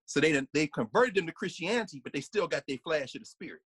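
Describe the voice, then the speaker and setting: A man giving a conversational lecture, animated and laughing often, sometimes singing snippets and acting out voices. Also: on the high side, fast, slightly rough, dry recording.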